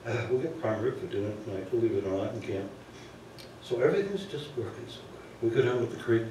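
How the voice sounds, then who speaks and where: A man's voice: mid-range voice, animated, fast, a little mellow, a little hiss or hum. A man telling a story live on a theater stage, chatting with the audience through asides. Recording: echoey theater from far off.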